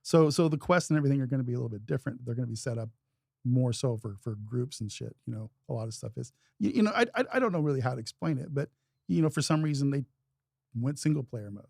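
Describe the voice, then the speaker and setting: Brief: gravelly-voiced man, quick rambling gaming chat, dry close sound. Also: mid-range voice, animated, a little mellow, no room sound. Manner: rambling, stumbles and repeats words. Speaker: gaming podcast co-host. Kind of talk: casual chat.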